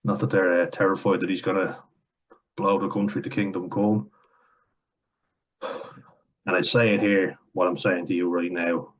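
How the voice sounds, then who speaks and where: A man's voice: low-pitched, little pitch movement, unhurried, long pauses, muffled recording. An Irish man giving a heated, blunt vlog rant at home, swearing often. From Ireland. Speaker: commentator. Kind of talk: ranting vlog commentary. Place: at home, indoors.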